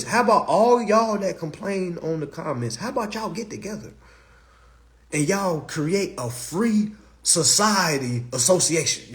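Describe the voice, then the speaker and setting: Animated, profane man ranting on a live stream. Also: sits high. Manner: blunt, profane, animated, with rhetorical questions. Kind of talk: casual live stream rant.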